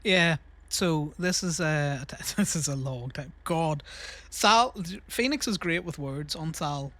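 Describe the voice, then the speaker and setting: A man's voice: a little high, lively intonation, slow, fairly bright tone. A young man casually rambling through a story while livestreaming a game, laughing and swearing freely. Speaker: streamer.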